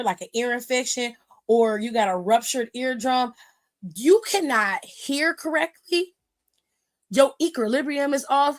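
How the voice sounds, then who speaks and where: A woman hosting a wrestling aftershow in a brash, profane, animated way. Her voice sits a bit high. She slips into the voices of the people she talks about as she tells the story. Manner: acts out quoted voices. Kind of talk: casual commentary monologue.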